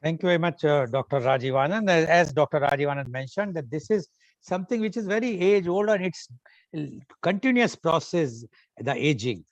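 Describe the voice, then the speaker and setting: A man's voice: fairly high pitch, lively intonation, brisk, dry recording. A man with an Indian English accent, moderating a media conference and summarizing hesitantly. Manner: hesitant, many "uh" fillers. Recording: dull, muffled sound.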